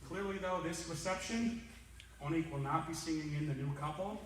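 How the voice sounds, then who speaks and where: A man roasting a guest of honour, spinning comic stories with lively acted-out bits. His voice sits a touch high. It rings around a large, echoing banquet hall, heard from well off the mic, with a steady hiss in the room. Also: moderate pace. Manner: lively storyteller, acts out the characters. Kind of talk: comic storytelling speech. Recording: echoey hall, distant mic.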